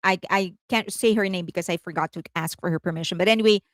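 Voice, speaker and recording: A woman's voice: lowish voice, fast, dry recording. A woman hosting casual commentary, chatty, often giggling and correcting herself mid-sentence. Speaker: host.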